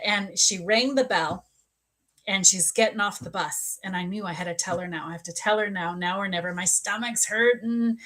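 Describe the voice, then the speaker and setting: A woman's voice: medium pitch, a bit bright. Chatty woman psychic telling a story. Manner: chatty, personal, acts out dialogue. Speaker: psychic medium and spiritual coach. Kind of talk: casual livestream storytelling and readings.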